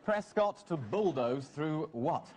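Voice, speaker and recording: A man hosting a comedy panel quiz in a TV studio, reading out questions and scripted jokes with a dry, deliberate delivery. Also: fairly high pitch, animated, a little hiss or hum. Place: television studio with live audience. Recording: loud audience laughter over the TV studio sound.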